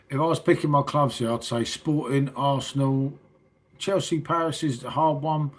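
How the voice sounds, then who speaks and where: A middle-aged English man hosting a casual late-night livestream, chatting with viewers in a matey, sweary way. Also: mid-range voice. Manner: matey and sweary, calls everyone mate. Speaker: livestream host.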